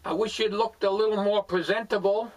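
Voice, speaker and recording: A man's voice: high-pitched, fairly even intonation, fairly quick. A man hosting a homemade comedy skit. He speaks politely and hesitantly, with many ums and uhs. He sounds far from the mic. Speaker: host.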